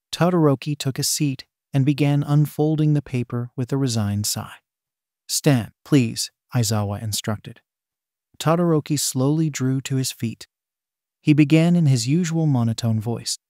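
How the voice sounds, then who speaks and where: Guy narrating a fan story, steady plain reading, middle pitch, dry sound. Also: no room sound. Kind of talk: reading fan fiction aloud.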